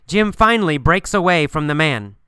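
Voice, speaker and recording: A man teaches English pronunciation through a story, speaking slowly and clearly so each phrase can be copied. His voice is crisp and bright, with a lively, rising-and-falling pitch. The recording is dry and close. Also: no room sound. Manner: slow and emphatic, repeating phrases for learners to copy. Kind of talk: slow, deliberate language-lesson storytelling.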